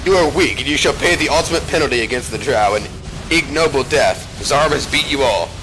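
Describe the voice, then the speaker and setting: A man voicing an arrogant ancient male demon lord, slow and menacing, reading game dialogue aloud. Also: medium pitch, music in the background, close to an everyday voice, low-quality recording.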